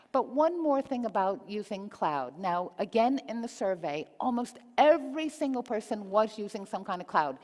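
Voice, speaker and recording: Woman giving a conference talk, upbeat, keeps quizzing the crowd, big hall reverb. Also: mid-range voice. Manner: upbeat, polls the audience with questions. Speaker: conference speaker. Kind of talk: live presentation to an audience.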